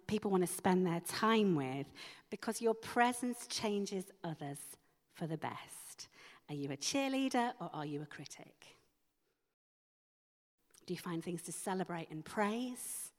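A woman delivers a sermon in a low voice, speaking unhurriedly. She leans on emphatic rhetorical questions. Her words ring out with the long echo of a church hall. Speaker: preacher.

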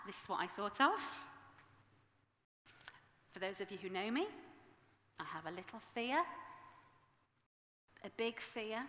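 Lady in her 40s preaching, bright lively voice, big echoey church hall. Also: mid-range voice. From Yorkshire, England. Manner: animated, self-mocking storytelling. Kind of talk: sermon. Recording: echoey hall with long reverb.

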